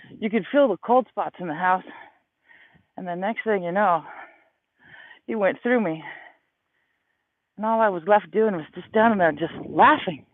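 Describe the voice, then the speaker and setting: A man in his thirties with a fairly high voice, chatting and rambling through stories while he hikes uphill outdoors. He is a little out of breath, and his voice comes through a narrow, tinny phone mic. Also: no echo. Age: 30s. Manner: rambling, storytelling. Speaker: livestreamer. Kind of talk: casual livestream chat while walking. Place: outdoors on a hillside.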